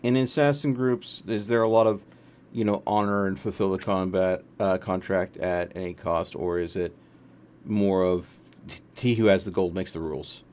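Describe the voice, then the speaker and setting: Low mellow dude at a tabletop game, slow talker, thinks out loud. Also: male voice, steady tone. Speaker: player. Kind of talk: casual tabletop game chat.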